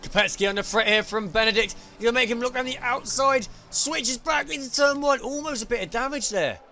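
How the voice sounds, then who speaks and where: A man commentating on an online sim race, getting excited at crashes and overtakes. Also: very high-pitched, a little fast. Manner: excitable, rising sharply at incidents.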